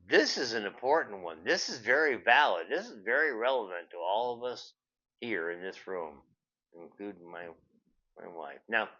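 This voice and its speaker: Older man, host, swearing rant, repeats words, low bright voice, dull recording. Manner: swears constantly, repeats words, trails into tangents. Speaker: show host. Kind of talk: profane comedic rant. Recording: dull lo-fi sound.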